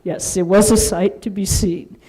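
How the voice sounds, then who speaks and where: A woman from Seattle who is a nun, telling lively anecdotes in an interview and acting out quotes. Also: mid-range voice, normal speed, slightly rough, rough recording. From Seattle, United States. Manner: animated, with laughter and acted-out quotes. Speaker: Vedanta nun.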